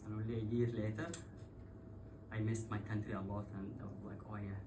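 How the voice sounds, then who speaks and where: Speaking fairly quickly in a lowish register, a Yemeni man shares a personal story before an audience, full of swearing and laughter. The mic picks him up at a distance, with clear background noise.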